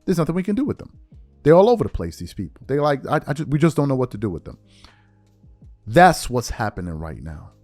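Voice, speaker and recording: A man hosting a sports commentary segment, ranting at fans in a mocking, animated voice. His pitch swings widely, dropping to low mutters and jumping to loud outbursts. Faint music plays behind him. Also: fast talker.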